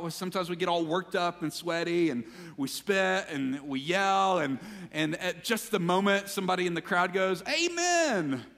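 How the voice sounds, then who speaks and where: A man preaching a sermon as pastor, animated when acting out quotes and dropping to a quiet, intense voice for emphasis. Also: a little high, big-room sound. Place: church sanctuary.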